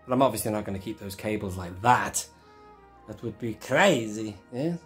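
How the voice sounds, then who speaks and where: Husky-voiced man, chatty. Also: lowish voice, lively intonation, moderate pace, soft background music. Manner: chatty, rambling, self-correcting. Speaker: toy collector channel host. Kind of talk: casual hands-on toy tutorial.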